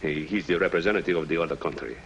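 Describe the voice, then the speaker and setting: An actor playing a halting, formal Latin American government official in a 1950s TV drama. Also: male voice, deep voice, gravelly, fairly bright tone. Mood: worried. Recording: dull old TV soundtrack with faint hiss.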